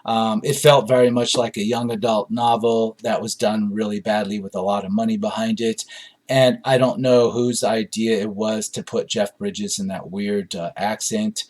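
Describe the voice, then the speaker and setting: A man hosting a movie review show, reading audience reviews aloud and commenting on them in a relaxed, conversational way with frequent fillers and restarts. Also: fairly low pitch, normal speed.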